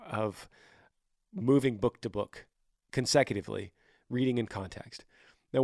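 A man's voice: mid-range voice, darkish tone, no echo, studio quality. A man hosting a podcast, giving earnest faith-based advice in a casual way, often repeating and restarting phrases. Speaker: podcast host.

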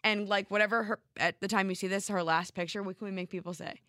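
A woman's voice: medium pitch, steady tone, a bit bright, no room sound, studio quality. A woman co-hosting a podcast in casual, playful, teasing chat. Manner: playful, teasing, quick to joke. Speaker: podcast co-host.

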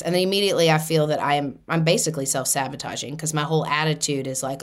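Low-voiced woman hosting a self-help podcast. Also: fast talker, few pauses. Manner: earnest, repetitive lists, rises into bright excitement when quoting herself. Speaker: podcast host.

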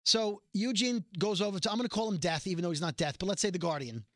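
Man, high voice, bright, dry close sound, casual rambling recap. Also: fast talker, dry recording. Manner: rambling recap, acting out characters' lines. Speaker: podcast co-host recapping a TV episode. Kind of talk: casual chat.

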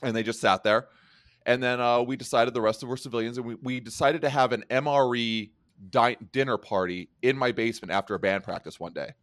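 A man's voice: mid-range voice, fairly even intonation, fairly quick, a bit bright, dry recording, studio quality. A man co-hosting a podcast in casual chat, telling stories emphatically and swearing freely. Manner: emphatic, profane, storytelling. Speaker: podcast co-host, military veteran.

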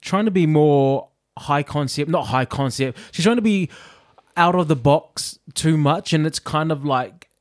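A man with a Scouse accent talks in a lively, animated way, acting out quick quoted back-and-forths as he chats with his co-host. His voice sits a little high for a man. The sound is dry and close, with no room echo. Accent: Liverpool. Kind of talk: casual chat.

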